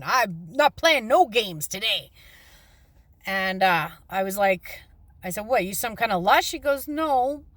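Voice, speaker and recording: A woman's voice: mid-range voice, a bit bright, dry recording, studio quality. A middle-aged woman telling a personal story in a casual, blunt and salty way, acting out the quoted lines. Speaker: storyteller on her own channel.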